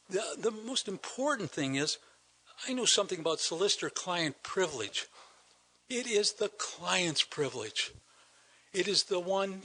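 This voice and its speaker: An older man stands at a council meeting delivering an indignant public comment, hammering home rhetorical questions. His voice is bright and forceful, a touch high, and it swings widely in pitch as he presses each point. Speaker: citizen delegate at council meeting.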